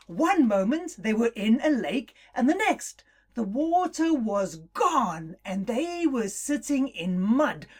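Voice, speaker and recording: A woman narrating an improvised children's story in a playful, expressive way, often laughing. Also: on the high side.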